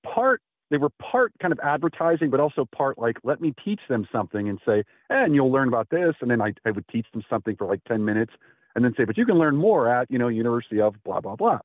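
A man's voice: medium pitch, sing-song, quick pace, dry recording. A man, a radio host telling a rambling story in an interview and acting out the quotes. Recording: tinny phone-like line.

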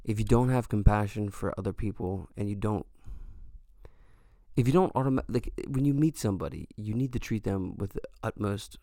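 A man's voice: on the low side, normal speed, warm tone, no room sound, studio quality. A man hosting a solo podcast, talking in a rambling, earnest and joking way with lots of fillers. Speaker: podcast host. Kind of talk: casual solo podcast monologue.

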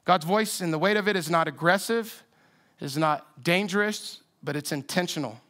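A pastor with a voice on the high side and a fairly bright tone preaches at a normal speed. His sermon is conversational and reflective, with frequent restarts.

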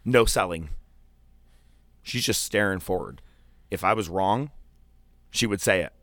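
A man telling a profane, animated story in casual chat, acting out the voices of the people in it. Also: low-pitched, unhurried, no room sound. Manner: profane, animated, acts out quotes.

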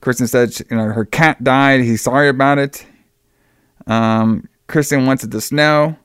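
A young man rambles through a film plot with plenty of fillers and restarts. His voice sounds smooth and resonant. The recording is dry and close. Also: medium pitch, fairly even intonation, normal speed, a bit bright, no room sound. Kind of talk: casual film recap.

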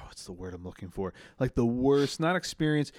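Animated man chatting casually on a podcast. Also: mid-range voice, moderate pace, no room sound, clean studio sound. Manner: joking, swearing, laughing often. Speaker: podcast co-host. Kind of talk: casual chat.

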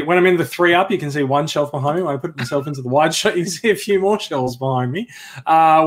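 An upbeat Australian man with a somewhat high voice hosts a casual podcast, talking easily and laughing often. He speaks from his home study over a video call. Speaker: podcast host. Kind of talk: casual chat.

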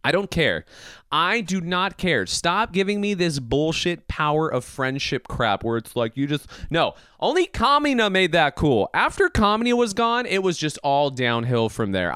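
An excitable male podcast host with a fairly high voice that swings up and down all over the place as he rants. He laughs, swears and slips into mock voices. The sound is smooth and resonant, close and dry with no room echo. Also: normal speed. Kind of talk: casual anime podcast rant.

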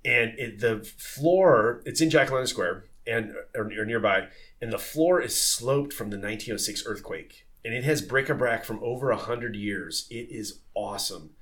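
A man's voice: mid-range voice, normal speed. Chatty man telling sailing stories. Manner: lively storytelling, many fillers and restarts. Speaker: former tall ship sailor. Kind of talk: casual podcast conversation.

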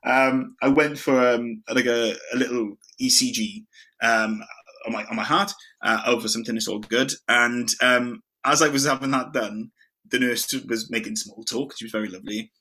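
Bright-voiced chatty man. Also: mid-range voice, fairly even intonation, moderate pace. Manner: chatty storyteller, says mate often. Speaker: podcast co-host. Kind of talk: casual chat.

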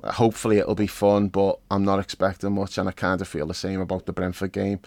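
A man's voice: sits low, flat delivery, a little fast, vocal fry, darkish tone, no room sound. A man hosting a casual podcast chat, laid-back, laughing often and swearing casually. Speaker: podcast host and editor.

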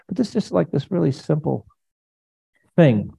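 Gravelly, mellow-voiced preaching man. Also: fairly high pitch, normal speed, long pauses, lo-fi sound. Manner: animated, rambling, voices prayers aloud. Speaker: pastor. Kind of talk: casual conversational teaching.

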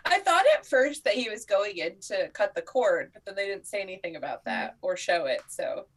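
A young woman co-hosting a podcast in casual chat, expressive and quick to laugh. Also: medium pitch. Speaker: podcast co-host.

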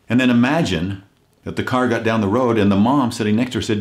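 Deep-voiced male speaker, earnest and inspirational, leans on stories and slows down for emphasis. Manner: earnest, slows down to stress key points. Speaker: motivational speaker. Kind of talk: inspirational talk with storytelling.

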